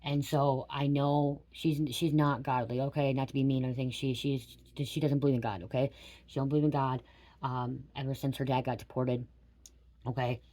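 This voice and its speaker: A woman's voice: very deep voice, flat delivery, normal speed, warm tone. A middle-aged woman giving a casual spiritual reading to camera. She rambles, swears bluntly and keeps checking in with "okay?". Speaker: tarot reader.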